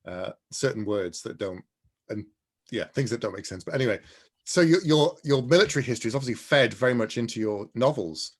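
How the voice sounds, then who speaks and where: A man hosting a casual author interview, friendly and quick to laugh, letting his sentences trail off softly. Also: medium pitch, expressive. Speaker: interviewer host.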